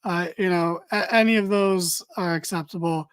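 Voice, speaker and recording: A man's voice: high voice, fairly even intonation, moderate pace, clean tone, no echo. A tired man co-hosting a casual wrestling podcast, rambling with dry, mock-serious humor. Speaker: podcast co-host.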